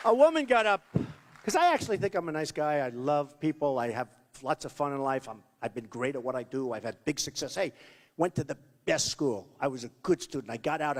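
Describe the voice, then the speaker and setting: A man in his sixties from New York, giving a rambling, boastful campaign rally speech full of repeated asides in a large hall. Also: a little high. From New York, United States. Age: 60s. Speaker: political candidate.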